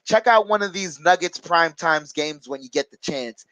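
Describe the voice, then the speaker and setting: On poor audio with no room sound, a man speaks at normal speed in a slightly high, expressive, sharp-toned voice. He's a watch-along stream host for live basketball, casually reading viewer chat comments and answering, chatty and hesitant, full of fillers.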